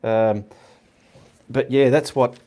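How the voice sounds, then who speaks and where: A man's voice: mid-range voice, fairly even intonation, slow, mellow. Easygoing Australian man hosting a live stream. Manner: rambling, easygoing, says okay often. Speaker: host of a live painting stream. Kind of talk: casual live-stream chat reading comments.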